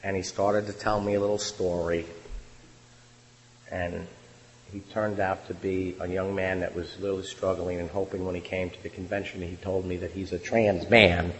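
A hoarse man, his voice worn out, giving an earnest recovery testimony at a convention, often trailing off quietly. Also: deep voice, flat delivery, moderate pace. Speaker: convention speaker. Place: large convention hall. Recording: reverberant hall, faint hum.

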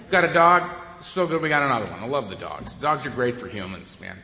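A man shares his story at a recovery meeting, wry and conversational and often laughing. His voice is bright and a bit raised. It echoes through a hall with a long reverb, and the sound is dull. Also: fairly high pitch, animated, fairly quick, a little hiss or hum. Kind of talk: humorous personal storytelling.

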